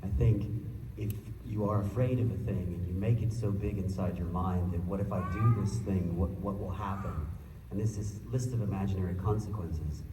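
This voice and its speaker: Earnest low-voiced man in a roomy hall. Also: steady tone, normal speed, background noise. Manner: earnest, encouraging. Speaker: panel guest, voice actor. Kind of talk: earnest advice on a panel. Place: large convention hall, filmed from the audience. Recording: distant, echoey convention hall recording.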